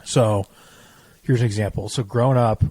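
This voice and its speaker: A young man co-hosting a podcast, telling stories in a casual, profane, animated way. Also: fairly low pitch, normal speed, breathy edge, rough recording. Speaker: podcast co-host. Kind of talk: casual chat.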